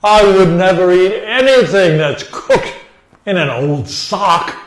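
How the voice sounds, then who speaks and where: A man's voice: high voice, animated, takes it slowly, reverberant. A man in a comedy pirate skit, speaking in a fussy, prissy way.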